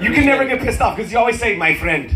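A man's voice: very high voice, racing, very noisy. A male stand-up comedian doing profane, teasing crowd work on a cruise ship stage, laughing often at his own jokes. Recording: echoey room, loud crowd laughter. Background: audience laughter.

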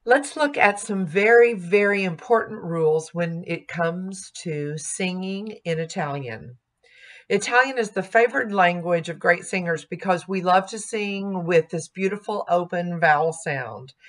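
A woman giving a music diction lesson at a very unhurried pace. Her voice sits slightly low, and she models each sound aloud with care. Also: a bit bright. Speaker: music teacher.

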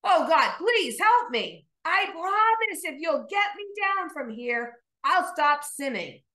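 A woman voicing a panicked man clinging to a cliff, shouting and pleading. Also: high voice, sing-song, slow, pitched above the performer's own voice, full character voice.

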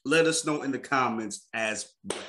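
A man hosting a podcast in casual chat, loud, hyped and slangy, often laughing. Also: mid-range voice, moderate pace, reverberant, a little hiss or hum. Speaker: podcast host.

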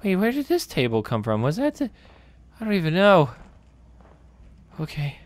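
His voice runs on the high side with huge pitch swings at a normal speed. As a gaming channel host, he comments his way through a horror game, jumpy, profane and talking to himself.

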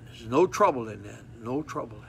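An older man preaching a folksy sermon with a gravelly, forceful voice. He repeats himself and acts out little scenes as he goes. A faint noise sits under the recording. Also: mid-range voice, a little fast. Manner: folksy, repetitive, animated storytelling with acted child cries.

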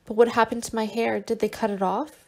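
A woman's voice: a little high, flat delivery, a little fast, gravelly. A woman reader voicing a frail, frightened young woman who speaks weakly and faintly from her sickbed. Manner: weak, pleading and faint.

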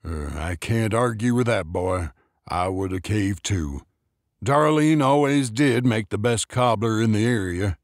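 A man voicing a gruff, short-tempered older man who talks in curt, clipped orders. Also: on the low side, a little slow, no room sound, clean studio sound, close to an everyday voice.

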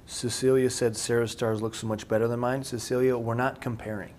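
A young woman with a remarkably low voice chats casually during a painting session. She tells playful stories and drops into silly voices. Faint noise hangs in the background. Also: little pitch movement, a little fast, a little mellow. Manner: storytelling, playful, does funny voices. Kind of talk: casual chat while painting.

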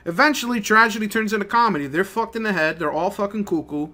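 A young man ranting in a casual, profane, rambling way, swinging between low mutters and loud outbursts. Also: quick pace. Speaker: gaming channel host. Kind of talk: casual rant over gameplay.

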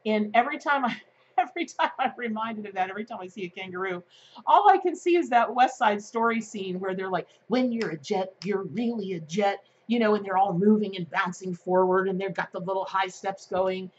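A woman giving a daily tarot card reading to her viewers, chatty and excitable, with plenty of fillers. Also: mid-range voice, brisk, muffled recording, slight background noise. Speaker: tarot reader.

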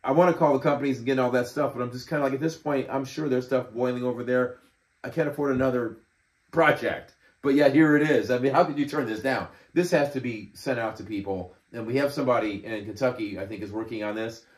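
A man's voice: mid-range voice, fast. A man in his fifties hosting a casual commentary show, reading messages aloud with sarcastic, profane indignation and frequent laughter. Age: 50s. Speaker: host. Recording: roomy echo.

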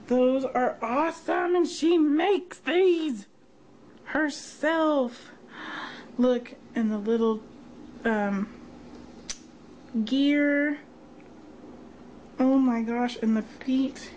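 A woman's voice: high voice, very slow, pauses often, darkish tone, lo-fi sound, slight background noise. A woman vlogger unboxing a gift box, gushing and gasping with delight. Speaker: craft vlogger. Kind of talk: unboxing vlog.

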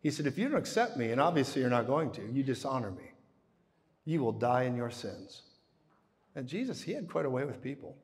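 A man preaching a sermon, telling the story in an animated way and acting out the dialogue with sudden swings in loudness. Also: mid-range voice, a little fast, long reverb tail.

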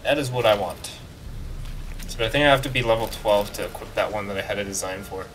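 A man giving casual, excitable commentary while playing a video game, joking and talking back to the game. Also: lowish voice, a little fast, recorded from a distance, a little hiss or hum. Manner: excitable, jokey, talks to the game. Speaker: let's play gamer.

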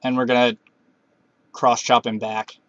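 A man's voice: mid-range voice, level tone, a little slow, no echo, lo-fi sound. A man giving casual commentary while playing a video game, talking to himself and cursing at setbacks. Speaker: Let's Play gamer.

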